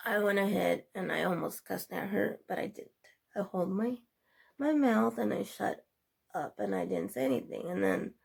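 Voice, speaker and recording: Young woman vlogger, gravelly and raspy voice, casual rambling storyteller. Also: medium pitch, a little mellow. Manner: rambling, chatty retelling with quoted dialogue.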